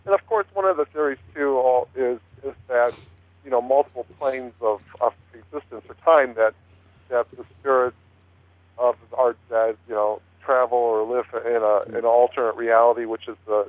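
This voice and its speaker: A man's voice: medium pitch, dry recording. A man speaks down a thin, phone-like line with no room sound. He rambles, piling up fillers and restarts as he explains his investigations in casual chat. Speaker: paranormal investigator guest. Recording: tinny dry phone line.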